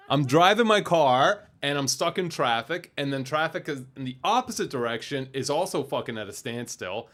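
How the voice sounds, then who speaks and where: Young male podcast co-host, animated, swears freely, mid-range voice. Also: medium pitch, normal speed. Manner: profane, animated storytelling. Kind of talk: casual chat.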